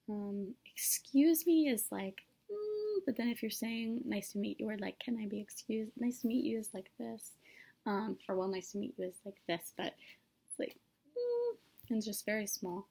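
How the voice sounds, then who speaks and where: Gravelly, husky young woman explaining signs. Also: medium pitch, a little mellow. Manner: casual, filler-heavy, self-correcting explanation. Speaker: student demonstrating sign language. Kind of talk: solo recorded lesson.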